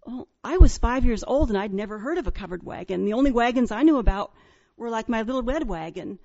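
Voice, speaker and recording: A woman from Iowa telling a personal ghost story from her childhood in an earnest, halting way, on a dull lo-fi recording. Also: on the high side, animated, gravelly, a little mellow. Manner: earnest, with many restarts and pauses.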